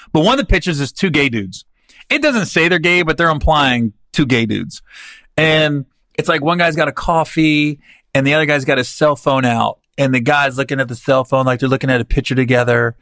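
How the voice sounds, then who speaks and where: A man's voice: medium pitch, dry recording. A man hosting a podcast, telling comic stories in a casual, slangy, rambling way. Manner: animated, slangy, rambling with restarts. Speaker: podcast host and comedian.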